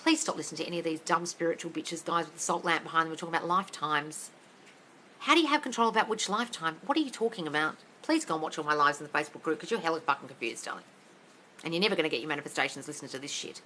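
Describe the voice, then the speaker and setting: Bright-voiced woman ranting on a livestream. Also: sits low, rapid-fire, a little hiss or hum, rough recording. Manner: blunt, sweary, ranting, yells a lot. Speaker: manifesting coach answering live chat questions. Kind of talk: livestream Q&A, reading out viewer comments. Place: home desk area. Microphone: livestream on phone or computer.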